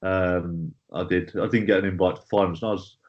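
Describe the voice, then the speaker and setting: A man's voice: low voice, steady tone, a little fast. A man, a guest talking casually about his sport in a plain-spoken, rambling way with fillers and the odd swear word. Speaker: guest bodybuilder. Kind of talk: casual podcast chat. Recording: slightly dull lo-fi audio.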